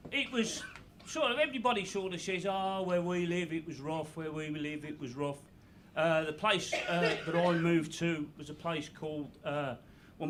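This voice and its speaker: Brummie man in his sixties, stand-up. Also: a little high. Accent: Birmingham. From Birmingham, England. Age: 60s. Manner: dry, swearing, self-mocking. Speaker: stand-up comedian. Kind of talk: stand-up comedy set. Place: comedy club stage. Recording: live club mic with crowd noise.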